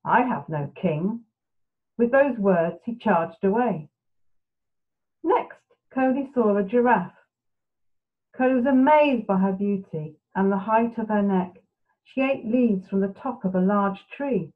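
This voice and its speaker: A woman reading a bedtime storybook aloud in a soft, steady way. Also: medium pitch, unhurried. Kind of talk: gentle storybook narration. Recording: tinny phone-like sound.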